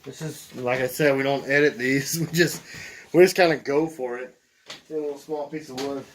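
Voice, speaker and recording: A man's voice: medium pitch, fairly even intonation, moderate pace. A man demonstrating knife making in his workshop, talking casually and rambling with joking asides to viewers. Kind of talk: casual unscripted workshop demo. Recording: noisy workshop with machine noise.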